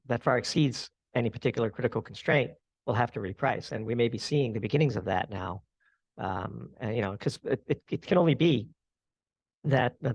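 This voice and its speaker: A man's voice: mid-range voice, creaky, no echo. A man as a podcast guest, giving long analytical answers in an interview. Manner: analytical, explains at length. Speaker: guest commentator.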